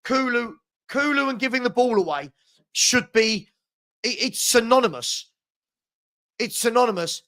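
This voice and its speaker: This watchalong host's voice is very high and animated, with a fairly bright tone, a measured pace and long pauses. Hosting a live fan stream, he offers one-sided commentary on the match, frustrated by his team's errors.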